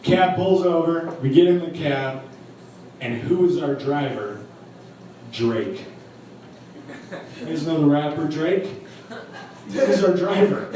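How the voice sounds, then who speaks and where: A man's voice: fairly high pitch, a little mellow, slight background noise. A young man doing stand-up, telling a profane, rambling story to a live crowd. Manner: crude, profane, rambling anecdote with laughs. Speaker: stand-up comedian. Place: comedy club stage. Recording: very echoey live room from a distance, crowd ambience.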